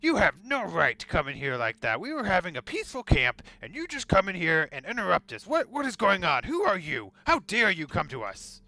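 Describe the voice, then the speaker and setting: A man's voice: sits high, huge pitch swings, a little fast, gravelly, few pauses, no room sound, voice pushed up, heavily acted, poor audio. Man doing a ranting indignant dwarf. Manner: loud, ranting and affronted. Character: indignant male dwarf in plate armor.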